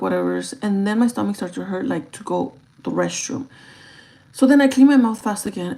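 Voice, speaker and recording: A young adult woman livestreaming her makeup routine, telling a story in a chatty, profane, animated way. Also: mid-range voice, vocal fry, low-quality recording. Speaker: livestreaming beauty vlogger. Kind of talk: casual storytelling while doing makeup.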